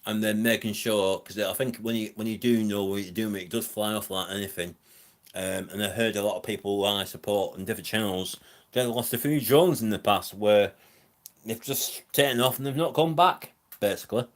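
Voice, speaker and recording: A man's voice: on the low side, a little fast. Rambling man with a northern Lancashire accent. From England. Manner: rambling, chatty, many ums, reads out chat comments. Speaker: live stream host. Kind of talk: casual live stream chat.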